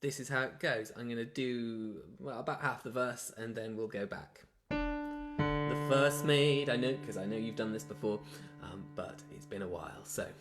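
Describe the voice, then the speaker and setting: A man's voice: on the low side, normal speed, few pauses, music in the background. A man leading a home choir session online, explaining the parts and singing lines for people to copy. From South London. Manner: talks, then demonstrates sung lines. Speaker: choir leader.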